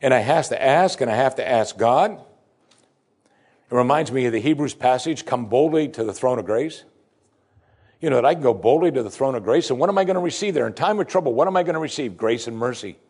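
A man preaching a sermon, animated, swinging between loud emphasis and soft, quiet asides. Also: medium pitch, a little fast, slightly rough.

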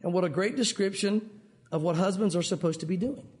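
A man with a high-pitched voice and a brisk pace leads a men's group through a conversational Bible teaching. He tells his stories animatedly and chattily, peppering them with "you know."

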